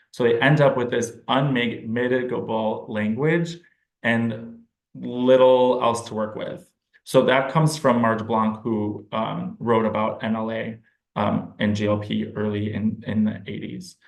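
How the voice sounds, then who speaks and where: A man, a speech-language pathologist, giving an informal, explanatory presentation to parents and thinking aloud as he goes. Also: medium pitch. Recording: roomy echo.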